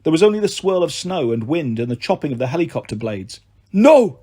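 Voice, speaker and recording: A man narrating a fantasy novel in an expressive storytelling voice. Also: fairly high pitch, fast talker. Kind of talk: audiobook narration.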